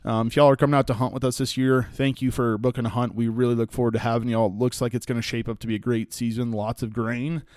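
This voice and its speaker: Folksy Texan man, smooth and dry. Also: mid-range voice, little pitch movement, fast talker, few pauses, darkish tone, no room sound. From West Texas. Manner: rambling, folksy storytelling with frequent fillers. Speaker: podcast host and hunting guide. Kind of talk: casual solo podcast monologue.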